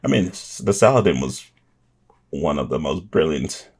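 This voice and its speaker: Deep voiced guy w a husky voice, reacting to stuff, lively up and down, keeps chuckling. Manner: enthusiastic, chuckling, halting restarts. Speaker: reaction video host. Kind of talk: casual reaction commentary.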